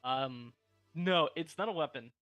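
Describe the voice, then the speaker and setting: A man narrating as game master, chatty and relaxed, with a lot of filler words. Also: a little high, measured pace, dry recording, faint music behind.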